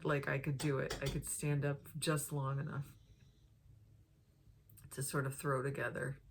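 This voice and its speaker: A woman's voice: sits low, gravelly, slight background noise. A woman vlogger sharing a personal health testimony in an earnest, heartfelt way, drawing out her phrases.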